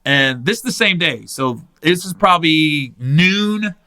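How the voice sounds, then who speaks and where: Animated bright-voiced man telling stories. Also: a little high, unhurried. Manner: animated, acts out other people's voices in quotes, swears freely. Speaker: podcast host. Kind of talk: casual storytelling chat.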